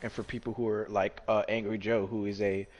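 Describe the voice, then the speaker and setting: Hombre joven opinando con calma. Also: male voice, fairly low pitch, fairly quick. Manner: opinionated, argues his points, casual slang. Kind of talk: casual gaming chat.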